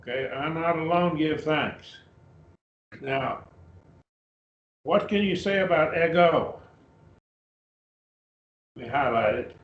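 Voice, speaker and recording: A man teaching a Bible class, going through Greek words at an easy, halting pace and calling on students by name. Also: on the high side. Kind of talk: Bible class lesson, Greek word study. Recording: roomy, dull lo-fi class recording.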